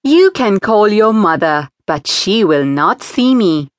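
A woman's voice: mid-range voice, sing-song, slow, no echo, clean studio sound. A woman doing a sweet, charming god. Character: charming ageless male love god. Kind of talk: children's audiobook reading.

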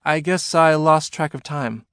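A man's voice: a little high, a little slow, a bit bright, clean tone, dry recording, voice pushed up. A man voicing a seventeen-year-old boy who talks in a reluctant, mumbling way, close to his own voice.

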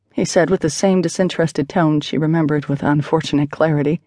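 A woman's voice: deep voice, lively intonation, a little fast, hardly any pauses, warm tone, no echo. A woman narrating an audiobook in a wry, conversational manner. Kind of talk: scripted narration.

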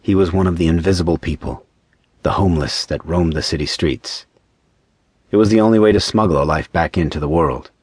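A man narrating a short-story audiobook in a measured, even storytelling manner on a close studio mic. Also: low-pitched, husky, no echo. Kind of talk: scripted narration.

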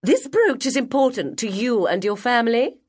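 A woman voicing a prim, sanctimonious woman guardian who scolds a child, reading an audiobook. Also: very animated. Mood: sour, stern. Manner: shrill, preachy, slow and deliberate.

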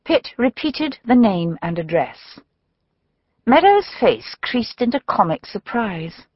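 A woman narrating a mystery novel for an audiobook with measured storytelling. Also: fairly high pitch, very animated, husky, no room sound, highs cut off.

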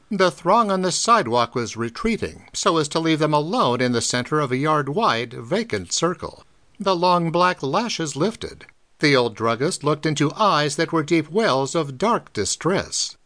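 Expressive male audiobook narrator. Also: on the high side, unhurried. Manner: dramatic, expressive reading. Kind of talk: scripted narration of pulp fiction.

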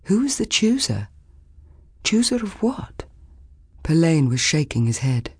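A woman narrating a children's fantasy audiobook at a slow, measured pace. Her voice is slightly husky and expressive, recorded close on a dry studio mic. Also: low voice, no room sound. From Australia. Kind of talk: scripted narration.

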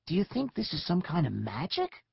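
A man voicing an excited, adventurous young boy with breathless wonder in a children's audiobook. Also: fairly high pitch, normal speed, gravelly, husky, no room sound, dull audio, voice pushed up, full character voice. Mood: amazed.

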